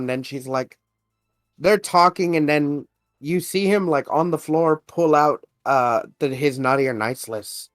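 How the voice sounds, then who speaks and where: A man's voice: fairly high pitch, a little slow, no room sound, studio quality, faint music behind. A man co-hosting a podcast, casually retelling a movie plot, laughing often and acting out the characters' lines. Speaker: podcast co-host.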